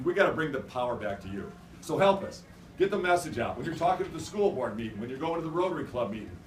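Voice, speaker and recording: A man's voice: fairly high pitch, a little hiss or hum. Emphatic man's rally speech in echoey room. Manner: emphatic and repetitive, building to loud rallying cries. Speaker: state governor giving a speech. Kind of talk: rousing political stump speech. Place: restaurant function room. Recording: echoey room, mic at a distance.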